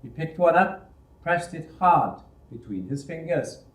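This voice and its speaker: A man reading a novel adaptation aloud in a measured, unhurried way, recorded in a roomy space. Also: a little high, animated. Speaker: storyteller. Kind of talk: audiobook reading. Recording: roomy echo.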